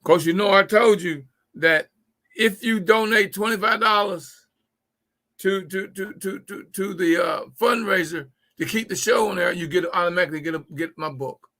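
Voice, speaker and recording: A man's voice: high voice, normal speed, pushed and bright. A man hosting a live-streamed political talk, speaking emphatically to his viewers, often repeating words as he builds his point. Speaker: livestream show host.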